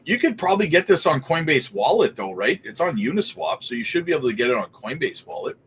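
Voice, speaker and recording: A man's voice: on the high side, fast talker. Chatty man hosting a crypto stream. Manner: chatty, greets viewers by name; relaxed, laughs between remarks. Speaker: crypto livestream host. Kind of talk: casual livestream chat.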